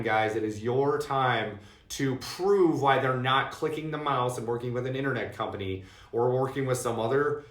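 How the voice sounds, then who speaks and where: Man, sales trainer, emphatic, repeats himself, middle pitch, echoey room. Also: fairly bright tone. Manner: emphatic, repeats key points, calls listeners "guys". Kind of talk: coaching talk to sales agents.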